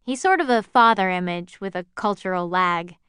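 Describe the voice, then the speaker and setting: Woman reading a novel aloud, wry teen narrator voice, smooth and clear, dry close mic. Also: fairly low pitch, moderate pace, fairly bright tone, no echo. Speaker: audiobook narrator. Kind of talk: first-person novel narration.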